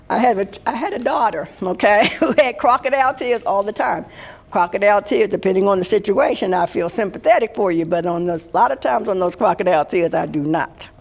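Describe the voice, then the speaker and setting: A woman's voice: medium pitch, lively intonation, brisk, few pauses, a little mellow. An older woman from Washington, D.C., an HR consultant giving a workshop talk on workplace conflict in a folksy, direct way, speaking straight to the room.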